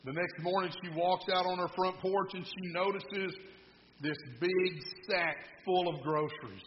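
A male pastor leading prayer and preaching a sermon, telling a joke and swinging from quiet asides to loud, animated lines. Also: high voice, measured pace, a little hiss or hum. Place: church sanctuary. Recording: muffled sound in a reverberant hall.

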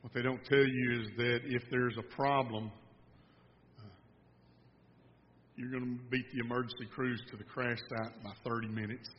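A man's voice: mid-range voice, level tone, normal speed, long pauses, a little hiss or hum. A man preaching a sermon, telling a folksy story and joking with the congregation. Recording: dull sound with long reverb in a hall.

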